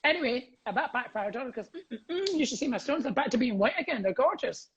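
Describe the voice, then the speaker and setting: A middle-aged Scottish man, a comedian, telling cheeky anecdotes over a video call, quick and giggly, acting out voices in his stories. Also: extremely high pitch, animated, a crowd in the background, rough recording. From Scotland. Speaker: comedian guest. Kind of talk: casual storytelling chat.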